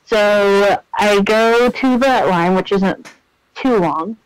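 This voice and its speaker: A man's voice: high voice, slow, clean tone, no room sound, poor audio. A man co-hosting a podcast, telling a story in casual chat with lots of fillers and laughter. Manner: chatty, animated storyteller, many fillers and laughs. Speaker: podcast co-host.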